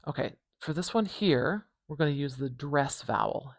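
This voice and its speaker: A Canadian woman with an Atlantic Canadian accent, hosting a casual phonetics tutorial and repeating sounds slowly for the viewer. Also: sits low, animated, husky, no echo, studio quality. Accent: Atlantic Canadian English. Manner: chatty, demonstrates sounds slowly and repeats them. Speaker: phonetics teacher, channel host. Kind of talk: casual tutorial, writing while talking.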